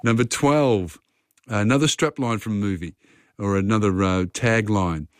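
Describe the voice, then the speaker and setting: A man's voice: lowish voice, normal speed, no room sound, clean studio sound. A man hosting a radio phone-in quiz, chatting casually and talking contestants through the questions.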